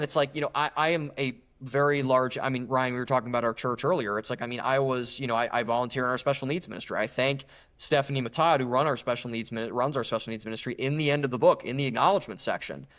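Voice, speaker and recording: A young man talks as a guest on a podcast, earnest and emphatic. He often restarts his sentences as he builds a point. His voice sits at a middle pitch. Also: fast, a bit bright. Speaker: guest author. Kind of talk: podcast interview.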